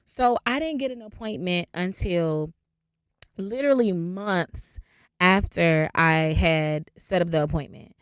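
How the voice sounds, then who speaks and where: Animated young woman storyteller. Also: lowish voice, takes it slowly, clear, resonant tone, dry recording, clean studio sound. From Raleigh, North Carolina. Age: 20s. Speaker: podcast host. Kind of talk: casual story time monologue.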